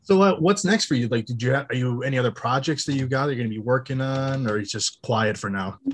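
A man hosting an interview, asking questions in a halting way with many fillers. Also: mid-range voice, slight background noise. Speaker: podcast host.

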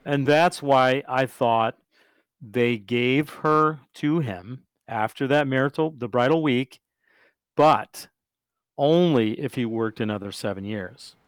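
A man in a casual Bible study, asking questions and reacting in an animated way. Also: medium pitch, slow, smooth, no echo.

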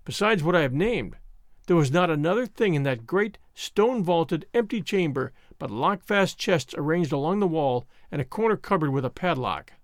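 A man narrating an audiobook at a measured pace in scripted storytelling. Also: on the high side, lively intonation, no room sound, studio quality. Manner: measured storytelling, voicing the characters.

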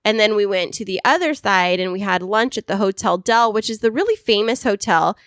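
A woman's voice: medium pitch, fairly quick, fairly bright tone, no echo, studio quality. A young adult woman co-hosting a podcast in casual chat, bubbly and affectionate, laughing often. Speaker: podcast co-host.

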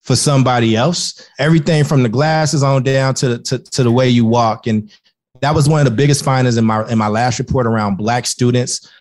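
A man speaking as a guest in a casual interview, earnest and effusive, talking in quick bursts with many restarts. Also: medium pitch, fairly even intonation, darkish tone.

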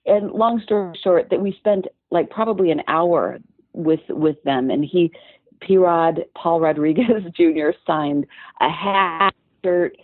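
A woman co-hosting a talk show, telling a long story in a lively way with fillers and restarts. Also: deep voice, takes it slowly, no room sound. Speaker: podcast co-host. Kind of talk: storytelling conversation. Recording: thin phone-like audio.

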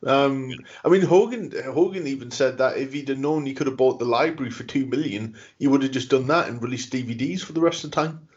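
A man's voice: mid-range voice, brisk, a little mellow. Hesitant man on a podcast. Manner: hesitant, many ums and restarts. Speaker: podcast co-host. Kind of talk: casual chat. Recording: dull lo-fi sound.

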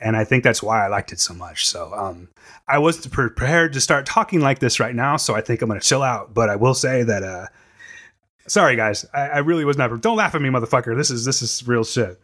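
A man's voice: mid-range voice, lively intonation, brisk, a bit bright. A man co-hosting a casual movie review podcast, emotional and choked up, swearing freely. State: tearful. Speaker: podcast co-host.

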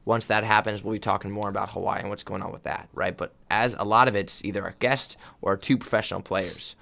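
A man's voice: on the low side, steady tone, fast, creaky, sharp tone. A man, a college volleyball player, hosting a casual podcast in a playful, interrupting way. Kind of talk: casual chat.

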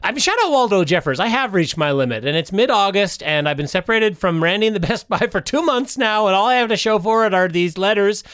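A man with a high, very animated voice trades improvised comedy banter on a podcast. He swings between playful silliness and dry, deadpan asides. The sound is dry and close to the mic. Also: fast, few pauses, clear, resonant tone, no room sound. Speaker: podcast co-host.

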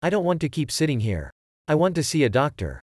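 A man's voice: on the high side, huge pitch swings, brisk, a little mellow, no echo, clean studio sound. A man voicing a terrified young man who pleads that he needs a doctor. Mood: distraught. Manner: distraught, pleading, panicky.

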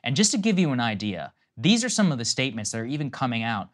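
A man's voice: mid-range voice, sing-song, fast talker. A man co-hosting a political news show, talking through clips and reading quotes with rising intensity. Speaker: co-host.

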